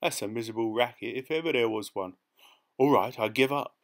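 A man's voice: mid-range voice, fairly quick, natural voice. A man voicing a boastful, cheeky male London pickpocket in an audiobook. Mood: scornful boasting. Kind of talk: audiobook character voice.

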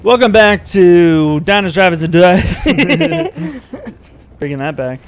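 A man's voice: sits high, slow pace, slight background noise. A man co-hosting a gaming video, telling absurd jokes in a dry way and laughing often. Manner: joking, deadpan absurd storytelling, laughs often. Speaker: gaming co-host. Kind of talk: casual let's-play commentary.

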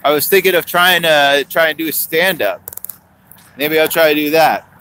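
A man rambling through improvised stand-up jokes and stories in a halting, meandering way. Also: fairly high pitch, bright, forceful tone, a little hiss or hum, rough recording.

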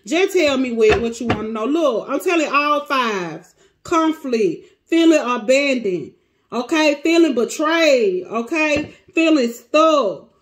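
A woman's voice: high-pitched, expressive, takes it slowly, noisy background. A woman with giving a casual, emotional tarot reading to her viewers, close to tears. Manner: emotional, dramatic, talks to cards and viewers. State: near tears. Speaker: tarot reader.

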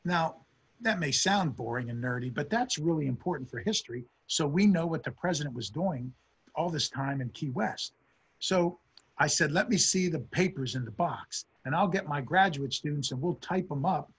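A man's voice: a little high, animated, moderate pace, slightly rough. A middle-aged man, a historian, giving a storytelling lecture and acting out the quotes in a raised voice.

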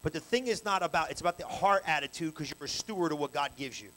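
A man preaching a sermon at a church service in a colloquial, storytelling way, full of slang, with energetic bursts that rise to loud peaks. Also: on the high side, fast talker, low-quality recording.

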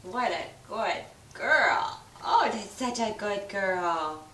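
A woman's voice: mid-range voice, animated, slow pace, pushed and bright. A woman filming her baby's feeding at home, talking to the baby and the dog in a sing-song baby voice with lots of laughter. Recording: echoey room with faint noise.

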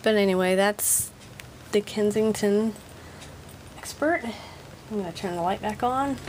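A woman's voice: medium pitch, takes it slowly, darkish tone, slight background noise, low-quality recording. A woman casually reviewing a product at her home desk, chatty, giggly and self-deprecating.

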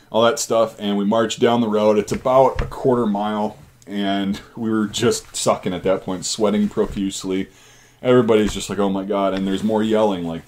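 A man's voice: lowish voice, a little mellow. A man hosting his channel, casually telling army stories in a rambling, profane way. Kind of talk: casual storytelling.

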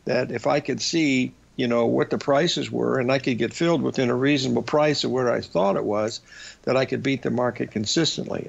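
A man's voice: mid-range voice, creaky, dull audio. An older man hosting a radio show, telling long rambling stories about his past with lots of fillers. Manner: rambling anecdotal storytelling with fillers.

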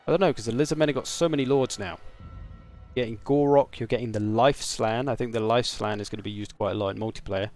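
A man's voice: mid-range voice, fast talker, darkish tone, faint music behind. A man casually commenting on his game stream, chatting and swearing while answering viewers.

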